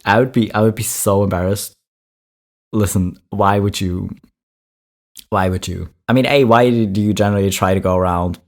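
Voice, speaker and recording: A man's voice: lowish voice, a little mellow. A man hosting a reaction video, commenting on clips in a chatty, exasperated way with emphatic repeats.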